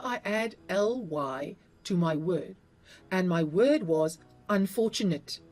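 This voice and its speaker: A woman's voice: fairly low pitch, darkish tone. A middle-aged woman with a South African accent, explaining English spelling to learners patiently and spelling words out letter by letter. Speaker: English teacher.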